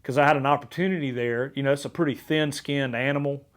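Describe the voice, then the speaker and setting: A man hosting a podcast, telling a hunting story in a casual, energetic way with frequent restarts. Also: mid-range voice, fast. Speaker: podcast host.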